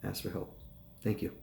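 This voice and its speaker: A man working as a life coach, answering viewer questions live in a calm, conversational way. He keeps checking in with "right?" and "okay?". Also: fairly low pitch, creaky, reverberant, slight background noise. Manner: calm and reassuring when advising.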